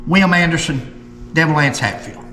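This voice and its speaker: A folksy man talks history in a fairly high, bright voice that rings out in a hall-like room with a long reverb. He is opinionated, and he slows right down to hammer home a point. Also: slight background noise. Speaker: history show host. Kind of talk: casual history talk, reading old articles aloud.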